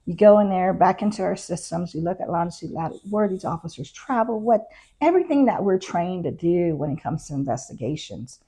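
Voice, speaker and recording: This interview guest, a middle-aged woman who used to be a constable, recounts events in a relaxed way, imitating what others told her. Her voice is fairly low, expressive and brisk, with a dark, slightly rough tone.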